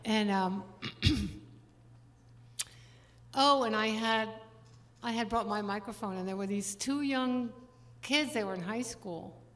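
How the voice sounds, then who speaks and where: An older woman musician chatting with her audience between songs at a concert, rambling through anecdotes with quick laughs. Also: medium pitch, a bit bright. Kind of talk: stage banter between songs. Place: large church venue. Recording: live concert hall with long reverb and instrument.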